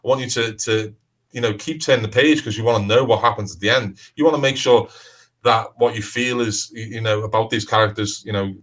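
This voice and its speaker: Scouse guy rambling in an interview, lots of you knows, bright punchy voice. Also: lowish voice, fairly quick, rough recording. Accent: Liverpool (Scouse). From Liverpool, England. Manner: rambling, restarts often, frequent "you know". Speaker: crime author, interview guest. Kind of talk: casual interview conversation.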